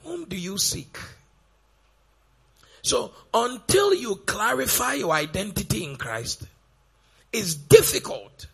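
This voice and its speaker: Gravelly preacher man. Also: high-pitched, sing-song, takes it slowly, pauses often, fairly bright tone. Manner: preaching with repeated rhetorical questions. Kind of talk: sermon.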